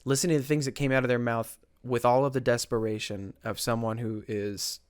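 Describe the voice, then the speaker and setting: A young man telling his recovery story as a podcast guest, earnest and halting, with many restarts. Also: medium pitch, steady tone, clear, resonant tone, dry recording, studio quality.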